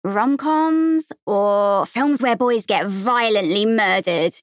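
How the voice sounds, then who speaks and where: A woman voicing a bold, teasing teenage girl who talks in a lively way. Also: medium pitch, slow pace, no room sound, studio quality, natural voice.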